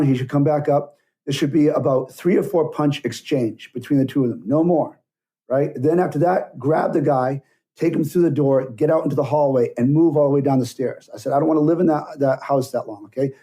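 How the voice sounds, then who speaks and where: A man's voice: medium pitch, a little fast, dark tone. A middle-aged man, a stunt coordinator, telling work stories bluntly and acting out both sides of conversations. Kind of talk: casual interview storytelling.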